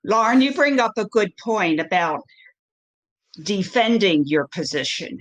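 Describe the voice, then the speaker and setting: A woman on a panel, making an emphatic point and backing it with quick everyday examples. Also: mid-range voice, animated. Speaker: summit panelist. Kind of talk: casual panel discussion.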